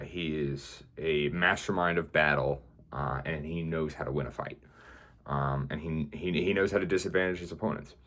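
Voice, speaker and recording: A young man in his student years, talking casually to camera, rambling with lots of fillers. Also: low-pitched. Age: young adult. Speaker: vlogger.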